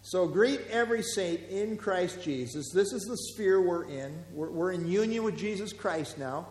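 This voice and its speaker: Male pastor, high-pitched, chatty verse-by-verse sermon, long reverb of a large hall. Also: animated, moderate pace, a little mellow, slight background noise. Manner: conversational, with fillers and asides. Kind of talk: expository Bible teaching. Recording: echoey hall.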